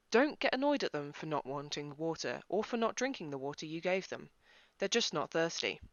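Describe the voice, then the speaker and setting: Woman doing a deadpan comic explainer. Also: lowish voice, no room sound. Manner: brisk, deadpan explaining with exaggerated quoted voices. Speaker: cabaret host. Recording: dry, dull lo-fi sound.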